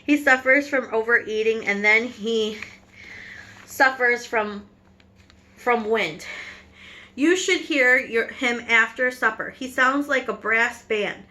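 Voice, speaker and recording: A woman's voice: on the high side, takes it slowly. A woman playing a blustering angry man. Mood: indignant shouting. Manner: shouting, indignant. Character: blustering angry middle-aged hotel guest man.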